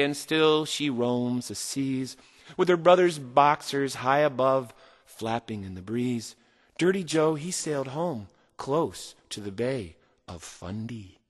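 A man's voice: medium pitch, a bit bright, long reverb tail. A man reading a rhyming children's story aloud in a theatrical, sing-song manner.

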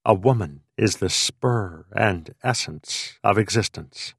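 A male audiobook narrator with a low, gravelly voice, reading in an unhurried, lyrical way. The sound is close and completely dry, with no room around it. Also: no room sound.

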